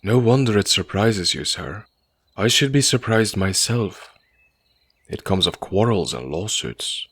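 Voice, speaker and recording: A man voicing a soft, deferential middle-aged landlord who talks in a timid, apologetic way. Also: on the low side, expressive, measured pace, slightly rough, no echo, exaggerated voice. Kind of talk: audiobook character voice.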